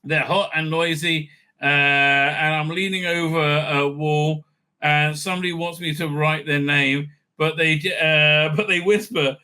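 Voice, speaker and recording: A man's voice: fairly high pitch, fairly even intonation, measured pace, bright, forceful tone, smooth. A man reading aloud at home and breaking off into sarcastic, scornful asides, with a lot of fillers and hesitations. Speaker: vlogger commenting on TV news. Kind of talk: casual reading and mocking commentary. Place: home with a dog nearby.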